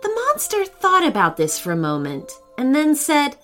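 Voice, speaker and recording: A woman narrating a children's story in a gentle, expressive reading voice. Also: high-pitched, normal speed, faint music behind.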